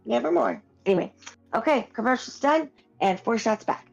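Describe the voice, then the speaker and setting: A woman's voice: on the high side, lively intonation, moderate pace. A woman co-hosting a horror podcast in casual chat, rambling with restarts and fillers. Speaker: podcast co-host. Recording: dull lo-fi audio with faint music.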